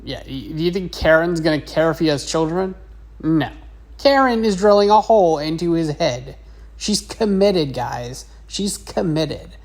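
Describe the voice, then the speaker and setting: A woman's voice: low voice, darkish tone. A woman teacher narrating a casual drawing lesson in a chatty, rambling way. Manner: chatty, rambling, with many fillers.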